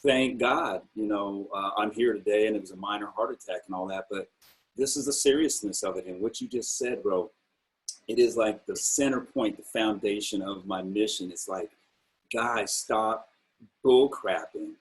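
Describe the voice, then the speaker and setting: A man's voice: fairly low pitch, moderate pace, low-quality recording. A middle-aged man hosting an interview, casual and emotional, often calling his guest bro. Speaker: interview host, program creator.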